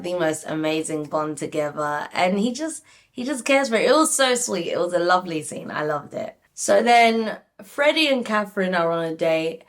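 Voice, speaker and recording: Woman, young adult, casual recap, lower pitch, animated. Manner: animated, frequent "like", addresses viewers. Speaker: reality TV recap YouTuber. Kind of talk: casual chatty review.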